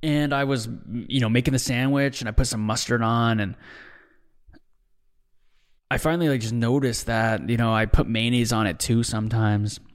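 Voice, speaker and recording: A man's voice: medium pitch, fairly even intonation, moderate pace, clean tone. Rambling, cursing young man. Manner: profane, rambling, says "dude" a lot. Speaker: podcast host. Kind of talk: casual rambling monologue. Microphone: desk mic, seen drinking on video.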